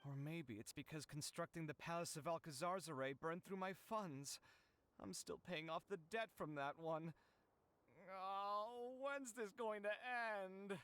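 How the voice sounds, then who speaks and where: A man's voice: high voice, unhurried, a bit bright, clear, resonant tone. A man voicing a young male architect in a video game, exasperated and self-pitying, given to heavy sighs. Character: young male architect, frazzled, broke and dramatic. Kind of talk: game voice acting.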